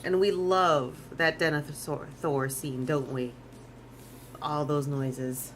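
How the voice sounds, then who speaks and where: A woman's voice: low-pitched, fairly even intonation, takes it slowly, a little hiss or hum. A woman artist chatting casually on a live stream as she draws, rambling, restarting sentences and swearing freely. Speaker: artist streaming while drawing.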